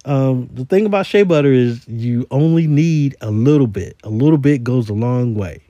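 A man's voice: medium pitch, expressive, moderate pace, mellow, dry recording, dull audio. A man who works in a store, telling a rambling story in a casual voice message, with many repeated words. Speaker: retail store worker.

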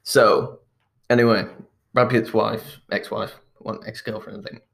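A man's voice: lowish voice, level tone, unhurried, creaky, fairly bright tone. A man in casual chat, retelling a film plot in a rambling way, restarting his sentences and chuckling as he goes. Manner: rambling, restarts often, chuckles while telling.

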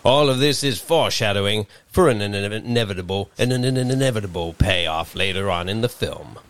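A low-pitched man sends up a smug ship captain in a comedy parody, sounding wry and mock-heroic. His voice is recorded close and dry. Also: a little fast, no echo. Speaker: podcast co-host. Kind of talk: comedic role-play parody.

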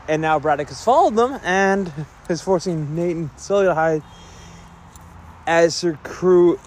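Excitable high-voiced man rambling through a recap. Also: slight background noise. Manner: rambling, excitable fan, many fillers. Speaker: video creator recapping a film. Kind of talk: casual movie recap and reaction.

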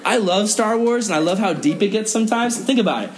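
Young male youth pastor, earnest and animated, slightly high voice. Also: fast talker, hardly any pauses. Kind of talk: sermon to teenagers.

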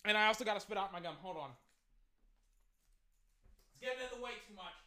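An excitable fan commentator calling live football play-by-play, bursting out loudly on big plays and talking straight to listeners. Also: mid-range voice. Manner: excitable, loud bursts, rapid asides to listeners.

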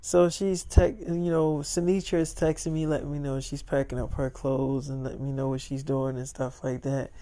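A man's voice: mid-range voice, little pitch movement, moderate pace, few pauses, mellow, low-quality recording. A man telling a casual, profane, rambling story and acting out the dialogue.

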